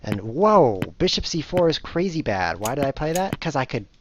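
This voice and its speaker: A man's voice: on the high side, normal speed, noisy background. Playful man commentating his own chess games. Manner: playful, jokey, self-mocking, with sudden excited outbursts. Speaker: chess streamer and show host. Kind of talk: live commentary while playing online blitz chess.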